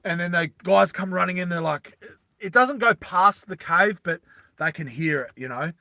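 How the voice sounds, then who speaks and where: A man spins a movie plot for his viewers, restarting and doubling back as he goes. His voice sits a little high and sounds bright. The recording is dry and close. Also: moderate pace, creaky, no echo. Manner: rambling, animated, many restarts. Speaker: streamer pitching a film story. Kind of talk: casual storytelling to a live chat.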